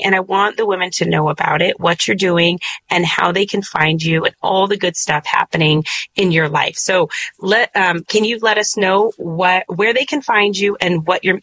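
A woman interviewer with a lowish, gravelly voice asks a friendly, rambling question. She sounds relaxed and conversational. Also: rough recording. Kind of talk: casual interview.

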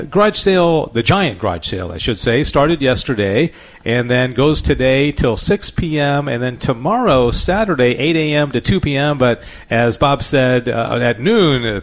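A man hosting a live remote radio interview, chatty and easygoing. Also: mid-range voice. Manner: chatty, easygoing, with filler words. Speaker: radio host.

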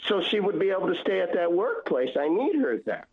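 A man calling in to tell a personal faith story, earnest and halting, often repeating his words. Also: high-pitched, very animated, slightly rough. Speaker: caller. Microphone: phone. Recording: tinny phone line on radio.

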